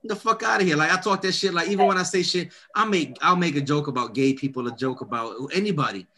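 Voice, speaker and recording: A man hosting a casual chat, telling stories in a loud, profane, animated way and quoting other voices. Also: fairly high pitch, fast talker.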